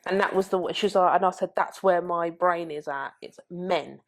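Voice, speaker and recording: Frank, low-voiced woman. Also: moderate pace. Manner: candid, blunt, swears freely. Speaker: podcast guest. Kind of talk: frank personal storytelling.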